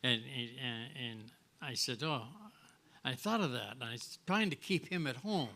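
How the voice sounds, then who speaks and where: A man's voice: medium pitch, measured pace. An older man from Canada, a former hockey player, telling rambling anecdotes as a guest and acting out the dialogue. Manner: rambling, animated, acts out dialogue. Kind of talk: casual anecdotal storytelling. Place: restaurant, live show.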